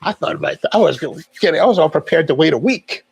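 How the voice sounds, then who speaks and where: Middle-aged male livestream host, slightly high, rough-edged voice; loose, rambling chat. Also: lively intonation, fast talker. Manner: chatty, rambling storyteller.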